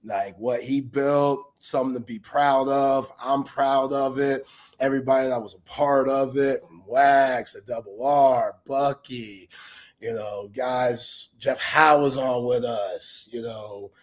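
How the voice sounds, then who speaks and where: A man's voice: medium pitch, fairly even intonation, slow pace. A man hosting a sports talk livestream, speaking in a heartfelt, loose and rambling way full of street slang. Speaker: sports talk show host. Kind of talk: casual livestream chat.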